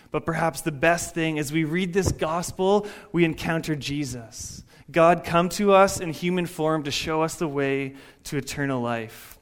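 Young male youth pastor, high voice, casual storytelling sermon to a church congregation. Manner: conversational storytelling preacher, animated quotes. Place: church sanctuary.

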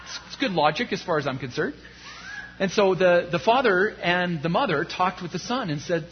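A man's voice: animated, normal speed, a little hiss or hum. Man preaching a sermon, lo-fi sound. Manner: preaching with a wide swing of emphasis, rising then dropping low. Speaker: pastor.

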